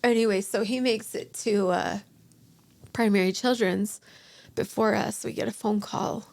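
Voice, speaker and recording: Speaking with a steady, slightly mellow tone at medium pitch, a woman in her forties tells a podcast an emotional story from her own life. There's vocal fry, and she stumbles, restarts, and performs the quoted lines.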